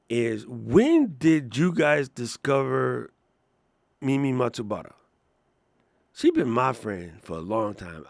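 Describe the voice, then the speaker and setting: A man co-hosting a podcast in casual chat, animated and joking, slipping into quick impressions. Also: medium pitch, gravelly, dry recording. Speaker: podcast co-host.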